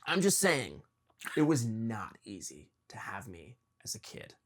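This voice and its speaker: A young man hosting a podcast, talking earnestly and confessionally with his father, halting with ums and restarts. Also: lowish voice, huge pitch swings. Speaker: podcast host. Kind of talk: emotional conversation with his father.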